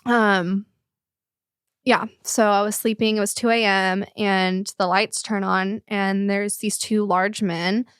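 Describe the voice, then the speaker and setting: Young woman, podcast guest, emotional, halting, lots of fillers, dry close mic. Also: medium pitch, flat delivery, fairly bright tone, smooth, dry recording. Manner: candid, halting, filler-heavy, close to tears. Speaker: guest telling her life story. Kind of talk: podcast conversation.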